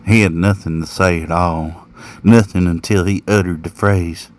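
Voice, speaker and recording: A man's voice: deep voice, fairly even intonation, normal speed. A man telling a first-person horror story in a folksy, plain-spoken rural manner. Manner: folksy, rural drawl with slang.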